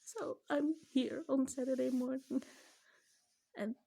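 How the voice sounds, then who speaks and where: In an emotional personal vlog, a middle-aged mother speaks slowly in a high, creaky, dark-toned voice. She's close to tears, her voice shaky and breaking, occasionally dropping to a whisper.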